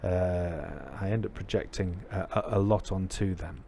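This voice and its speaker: A man giving a reflective dharma talk, telling a parable with many pauses and fillers. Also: deep voice, steady tone, dark tone. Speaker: Buddhist teacher.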